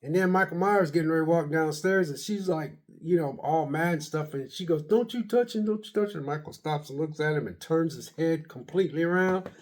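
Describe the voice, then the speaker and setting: Rambling, animated man recapping a movie. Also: on the high side, brisk, hardly any pauses. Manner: rambling, animated retelling with slang and self-quotes. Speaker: movie reviewer.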